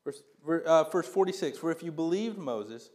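A man's voice: fairly high pitch, expressive, moderate pace, darkish tone. A man preaching a sermon as a pastor, reading verses and explaining them in a conversational, emphatic way with rhetorical questions.

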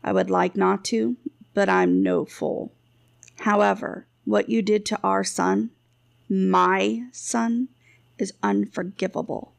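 A stern, grieving male chieftain, as a woman narrator acts him out, drawing each word out slowly and coldly. The voice is gravelly and low-key, recorded close and dry. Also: steady tone, no room sound. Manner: slow, measured and cold.

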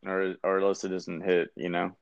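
A man's voice: sits low, level tone, moderate pace, clear, resonant tone, highs cut off. A man in casual chat as a podcast co-host, telling rambling stories with swearing. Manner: laid-back, rambling storytelling with swearing.

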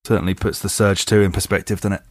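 A man's voice: low voice, little pitch movement, quick pace, dry recording. A man hosting a podcast, reading a listener's email aloud and repeatedly cracking up with laughter. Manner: keeps breaking into giggles while reading. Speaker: podcast host.

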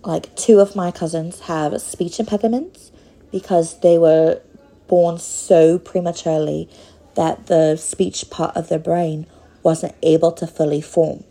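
A woman in her thirties with a Northern Minnesotan accent hosts a casual solo podcast. Her voice is mellow and dark, with a gravelly edge. She talks very slowly and hesitantly, with frequent pauses. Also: fairly low pitch, fairly even intonation, low-quality recording. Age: 30s. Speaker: podcast host.

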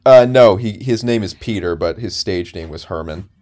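A young man in his twenties, chatting casually as a podcast co-host. His voice sits a little low, and he rambles through his story with plenty of fillers and restarts. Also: moderate pace, mellow. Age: 20s. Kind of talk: casual chat.

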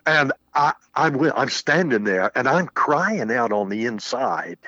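A man's voice: medium pitch, unhurried, dry recording. Older male minister telling a story. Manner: animated anecdote with acted-out quotes. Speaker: Baptist minister. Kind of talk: storytelling in casual conversation. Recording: muffled, dull audio.

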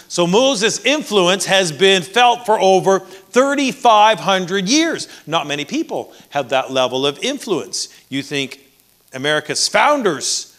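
A man's voice: fairly high pitch, fairly bright tone. A man with a Canadian accent preaching a sermon as pastor, conversational with dry jokes.

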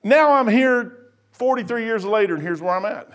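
A man in his sixties preaches with a notably high voice. His delivery is folksy and lively, dropping to near-hushed asides and then climbing into loud bursts, and he acts out the people in his stories himself. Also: normal speed. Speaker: pastor. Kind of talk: preaching a sermon.

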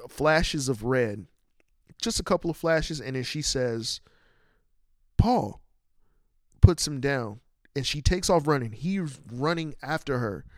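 Animated man recapping a film. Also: medium pitch, no room sound, clean studio sound. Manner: animated storyteller, acts out quotes. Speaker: podcast host.

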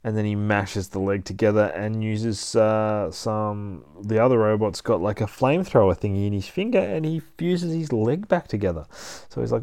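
Profane, chatty man with a low voice. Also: moderate pace, a little mellow, dry recording. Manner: profane, chatty, with sound effects. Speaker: comic book podcast host. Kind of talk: casual comic read-through.

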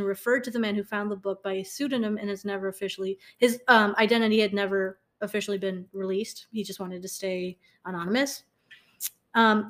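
A young woman co-hosting a podcast tells a true-crime story in a relaxed, chatty way, her pitch at a typical middle for a woman. She giggles between sentences, stumbles over words and goes back to correct them, and fills pauses with lots of "um" and "like."

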